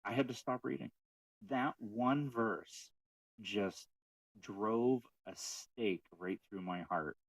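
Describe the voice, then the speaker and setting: A man co-hosting a casual podcast about faith, telling stories with animated retelling of what others said. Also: lowish voice, takes it slowly, dry recording, recorded from a distance, poor audio. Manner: storytelling, animated retelling of quotes. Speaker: podcast co-host.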